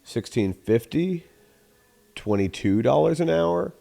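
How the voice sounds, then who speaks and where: A man's voice: fairly high pitch, lively intonation, slow, creaky, mellow. A young adult man hosting a show, giving casual sales advice in a rambling, profane way and acting out phone calls in voices. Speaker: sales trainer and host.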